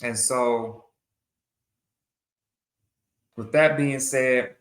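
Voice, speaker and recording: Male host, earnest commentary monologue; talks slowly and repeats himself, bright edge to the voice. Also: medium pitch, echoey room. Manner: earnest, repeats and restarts phrases. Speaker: show host.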